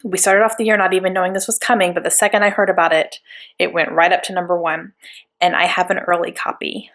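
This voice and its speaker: A woman vlogging about a new book at home, gushing and bubbling over with excitement. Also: fairly low pitch, fast talker. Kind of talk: excited casual vlog. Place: home couch.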